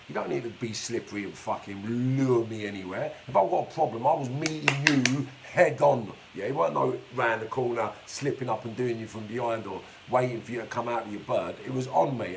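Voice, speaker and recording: A man's voice: medium pitch, vocal fry, a little hiss or hum, low-quality recording. A man telling his life story on a live stream in a blunt, streetwise way, swearing constantly. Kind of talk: casual storytelling monologue. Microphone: phone or webcam for a live stream.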